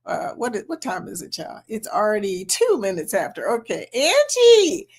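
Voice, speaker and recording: A woman's voice: medium pitch, sing-song, moderate pace, breathy edge. A woman hosting a casual live stream, bubbly and laughing often as she greets chat members one by one.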